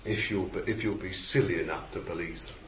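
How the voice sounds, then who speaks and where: A man preaches a rambling sermon, repeating himself and then breaking into sudden shouts. His voice sits low. The recording is old and dull, with a roomy echo and faint hiss. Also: fairly quick.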